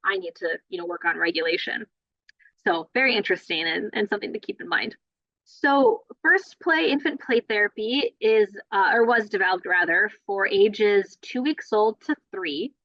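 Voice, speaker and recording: A woman's voice: medium pitch, moderate pace, no echo. Woman therapist giving a conversational lecture. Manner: conversational, many "you know" fillers. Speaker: play therapist and trainer. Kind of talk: online training lecture. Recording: dull lo-fi dry audio.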